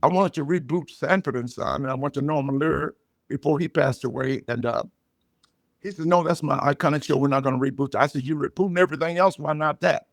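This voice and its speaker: An older man, a comedian guest, telling stories and jokes in a loud, punchy way. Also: a little high, fairly quick, no echo, studio quality. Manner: loud punchy joke delivery, animated storytelling. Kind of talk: storytelling comedy chat.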